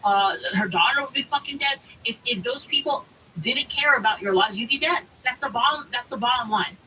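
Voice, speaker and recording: Streamer, female, American: heated profane rant, bright tone, distant mic. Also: fairly high pitch, fairly quick. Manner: heated, profane ranting with many fillers. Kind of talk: casual chat. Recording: distant mic with faint hiss.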